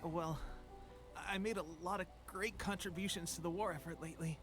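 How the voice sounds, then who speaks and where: An actor playing a weakened young soldier in a video game who coughs and speaks in an earnest, halting way. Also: male voice, high voice, fairly even intonation, over music, natural voice. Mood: weary. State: weak, coughing.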